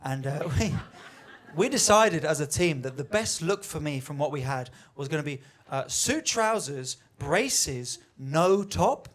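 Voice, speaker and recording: A man's voice: fairly high pitch, animated, unhurried. A man doing a stand-up comedy set, talking conversationally and acting out the voices he quotes. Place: comedy venue with live audience.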